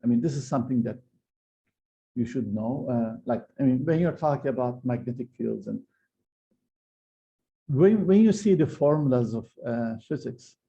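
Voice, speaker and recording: Gravelly dark-voiced male physics lecturer. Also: medium pitch, animated, normal speed, pauses often. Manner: hesitant, many fillers and restarts while explaining. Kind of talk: university lecture. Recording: slightly dull lo-fi lecture recording.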